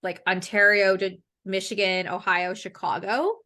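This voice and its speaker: A woman's voice: mid-range voice, normal speed. Chatty Canadian woman hosting a podcast. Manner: chatty, animated, swears casually. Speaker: podcast host. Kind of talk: casual podcast chat.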